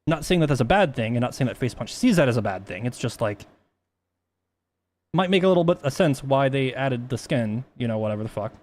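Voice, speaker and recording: A man's voice: medium pitch, lively intonation, fairly quick, darkish tone. A man talking casually on a stream, rambling with many restarts and plenty of swearing.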